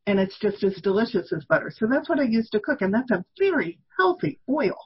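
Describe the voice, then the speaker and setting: A woman's voice: on the high side, big pitch swings, a little fast, husky, lo-fi sound. A woman in her sixties, a guest on an interview podcast, explaining health views in an emphatic, opinionated way. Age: 60s. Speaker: guest, toxin elimination author.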